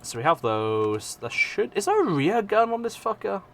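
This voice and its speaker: Gravelly English man, rambling streamer. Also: sits high, wildly swooping pitch, normal speed, a bit bright. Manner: rambling, swears often, self-mocking. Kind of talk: casual live-stream chat.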